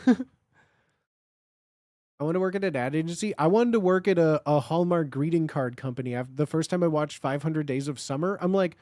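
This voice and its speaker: A man with a fairly high speaking voice chats casually on a stream. He rambles, stacking up filler words. The sound is dry and close. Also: darkish tone, dry recording. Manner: rambling, with lots of filler words, and quick laughs. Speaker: guest on a livestream. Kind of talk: casual chat.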